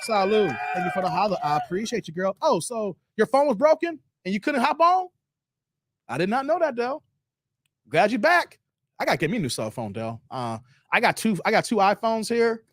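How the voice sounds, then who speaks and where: A man's voice: sits high, big pitch swings, normal speed, no echo. A man hosting a casual livestream, reading viewer comments and teasing them playfully with slang. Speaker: livestream host.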